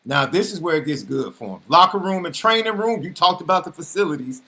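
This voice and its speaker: Bright, animated male podcast co-host. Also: fairly high pitch, fairly quick. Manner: animated, teasing, laughs often, repeats himself. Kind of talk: casual sports banter.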